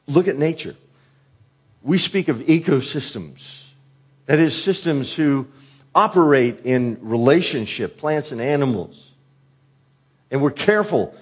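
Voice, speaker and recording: A man preaching a sermon earnestly, asking rhetorical questions and dropping softly on quoted words. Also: medium pitch, husky.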